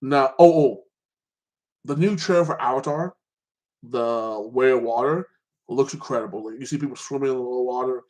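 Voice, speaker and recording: A man's voice: medium pitch, normal speed, a little mellow, rough recording. A man casually recapping and reviewing TV episodes as a show host, rambling and restarting his sentences often. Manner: rambling, with many restarts and frequent "like this".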